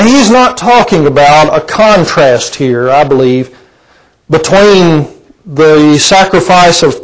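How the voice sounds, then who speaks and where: Folksy preacher man, slightly high voice. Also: low-quality recording. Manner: asks the congregation rhetorical questions; conversational, folksy preaching with fillers. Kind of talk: sermon.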